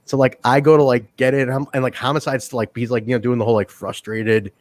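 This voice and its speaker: A man's voice: medium pitch, flat delivery, quick pace, a little mellow. A man co-hosting a casual podcast chat, telling profane backstage stories and acting out quotes in funny voices. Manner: profane storyteller, acts out quotes. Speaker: podcast co-host.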